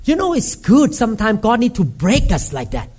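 A man preaching a sermon as a pastor, emphatic and repetitive, acting out scenes with sudden shouts. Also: high voice, huge pitch swings, normal speed, slightly rough. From Thailand.

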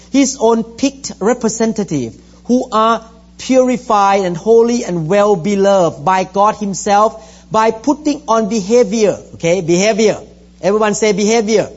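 Man, middle-aged, pastor; high voice, emphatic repetitive sermon, dull lo-fi recording. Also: a little slow. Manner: emphatic, repetitive preaching with scripture reading.

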